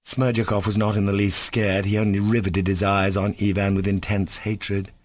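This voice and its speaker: A man narrating an audiobook in a steady, measured reading voice. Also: fairly low pitch, no echo. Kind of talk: scripted narration.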